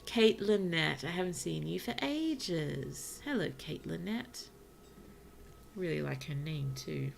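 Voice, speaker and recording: Brief: woman streamer, unhurried and gravelly, low-ish voice, casual game chatter with murmured asides. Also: lively intonation, a little hiss or hum. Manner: slow, chatty, talks to the villagers, drops to soft whispers. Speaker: VTuber streamer. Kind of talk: casual gameplay commentary.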